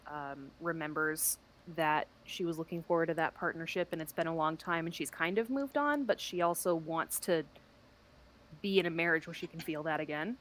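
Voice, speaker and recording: A woman player in a tabletop game, talking casually with soft hesitations and fillers. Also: low-pitched, a little hiss or hum, poor audio.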